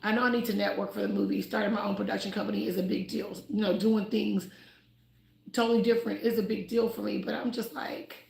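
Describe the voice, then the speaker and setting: A chatty, expressive woman who grew up in Ohio and Houston, talking casually about faith on a livestream and laughing often. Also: medium pitch, fast, creaky. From United States (Ohio, raised in Houston). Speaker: livestream host. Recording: roomy echo.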